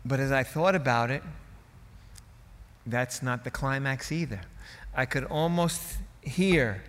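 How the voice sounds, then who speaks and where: A male pastor delivering a dramatic, emphatic sermon, his loudness swinging widely from hushed to booming. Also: takes it slowly, big-room sound, slight background noise.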